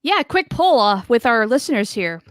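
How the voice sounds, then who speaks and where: A woman's voice: on the high side, big pitch swings, normal speed, a bit bright, dry recording. A woman co-hosting a podcast, chatting in a gushing, playful way about a favorite show. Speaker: podcast co-host. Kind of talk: casual fan discussion.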